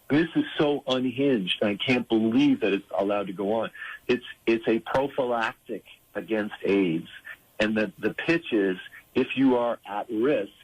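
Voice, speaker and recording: A man speaking as an interview guest, earnest and halting, with frequent fillers and restarts. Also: fairly low pitch, husky, low-quality recording. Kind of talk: conversational interview.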